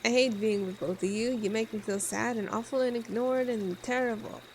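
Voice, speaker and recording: A woman's voice: on the high side, fairly even intonation, normal speed, a little hiss or hum, natural voice. A woman voicing an upset, tearful young girl in a visual novel. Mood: defiant.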